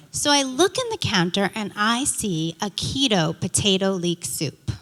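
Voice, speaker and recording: A middle-aged woman performing a stand-up comedy set, telling stories with animated, indignant quoted dialogue. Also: mid-range voice. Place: theater stage. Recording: reverberant theater hall.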